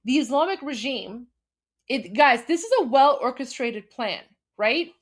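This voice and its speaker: A woman's voice: high-pitched, lively intonation, measured pace. A woman from Iran hosting a live commentary stream, talking emphatically with frequent fillers and restarts. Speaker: host.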